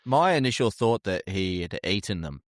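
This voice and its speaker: A man's voice: lowish voice, very animated, moderate pace, dry recording, studio quality. A man co-hosting a true crime podcast, bantering with crude remarks. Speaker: podcast co-host. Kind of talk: casual true crime chat.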